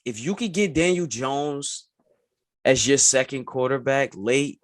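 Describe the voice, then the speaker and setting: An animated man co-hosts a casual sports podcast, saying "bro" again and again as he makes his case. He speaks at an average pitch. The recording is dry and close, with little room sound. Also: measured pace, no echo. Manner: animated, says "bro" often. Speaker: podcast co-host.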